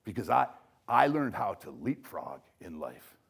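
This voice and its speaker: An older man giving a motivational speech, emphatic, with loud punchy lines that drop to soft, low asides. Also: big pitch swings, measured pace, vocal fry. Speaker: speaker at a recovery event.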